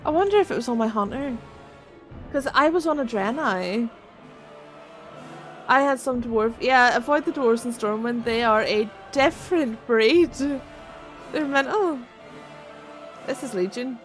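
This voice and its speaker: A woman's voice: on the high side, measured pace, long pauses, soft background music. A woman with a Northern Irish accent chatting casually while streaming a game, swearing freely and laughing often. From Northern Ireland. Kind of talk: casual live-stream chat while gaming.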